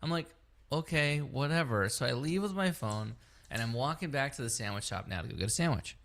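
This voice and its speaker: A man on a podcast telling a story about his day in a loose, chatty way. He curses a lot and slips into quick impressions of the people he met. His voice sits at an ordinary middle pitch. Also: vocal fry. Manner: animated, profane, acts out both sides of the story. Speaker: podcast co-host. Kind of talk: casual storytelling chat.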